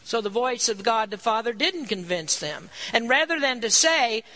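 A man's voice: very high-pitched, expressive, moderate pace, bright, forceful tone, low-quality recording. A man preaching a sermon, earnest, reading scripture aloud and stressing key points.

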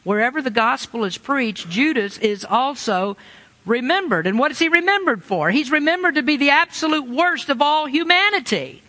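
A man's voice: very high voice, animated, moderate pace, pushed and bright. A man preaching a sermon with emphatic rhetorical questions, sometimes mimicking excuses in a whiny voice. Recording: long hall reverb.

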